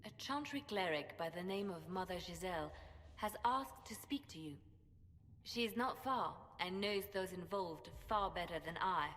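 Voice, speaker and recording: A woman's voice: lowish voice, expressive, moderate pace, a bit bright. An actress playing a stern, blunt female warrior-advisor who speaks curtly and seriously. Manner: curt, serious. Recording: reverberant game audio, faint ambience.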